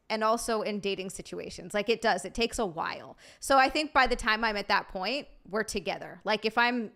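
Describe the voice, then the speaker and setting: A woman's voice: medium pitch, a bit bright. A young woman hosting a live-streamed podcast, chatting casually with lots of fillers and giggles. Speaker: podcast host.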